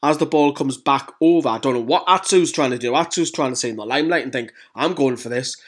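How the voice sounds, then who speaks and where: A man hosting a fan channel, chatting excitedly through goal replays in casual football analysis. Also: medium pitch, fast talker.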